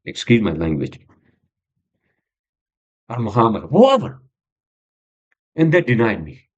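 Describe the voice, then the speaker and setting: A man's voice: lowish voice, big pitch swings, measured pace, breathy edge. A man hosting his own podcast, venting in a rambling, agitated monologue full of swearing and fillers. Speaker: podcast host. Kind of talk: frustrated monologue. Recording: dull lo-fi sound.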